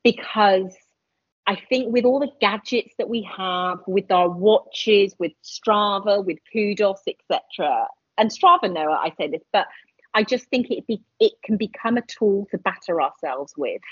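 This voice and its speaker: A woman in her forties chatting casually as a podcast guest, animated and quick to laugh. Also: medium pitch, husky, no room sound. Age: 40s. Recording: dull lo-fi sound.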